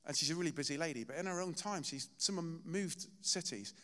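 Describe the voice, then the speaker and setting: A man's voice: fairly high pitch, expressive, a little fast, bright, forceful tone. Man preaching in a reverberant hall. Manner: conversational storytelling with self-deprecating humor. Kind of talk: sermon. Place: church hall.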